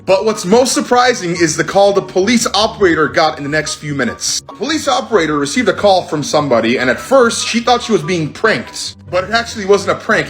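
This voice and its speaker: A man narrates in a scripted, wry storytelling way, his pitch sitting a little high and moving a lot. Faint music runs underneath his voice-over. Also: a bit bright. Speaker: compilation narrator.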